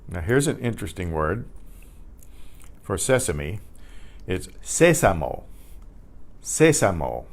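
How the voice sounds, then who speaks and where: Older man, slow deliberate delivery and a lowish voice, teaching beginners patiently and repeating each word. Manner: patient, repeats each word several times with clear emphasis. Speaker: Spanish teacher. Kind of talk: slow beginner language lesson. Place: community center class for seniors.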